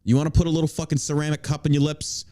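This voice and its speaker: A man's voice: fairly high pitch, level tone, very fast, warm tone. A man hosting a podcast in crude, casual banter, ranting and swearing in a boisterous way. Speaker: podcast host.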